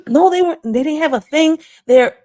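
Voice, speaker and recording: A woman's voice: sits high, unhurried. A woman, casually telling a story with slang and swearing. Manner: animated, swearing, street slang. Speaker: host.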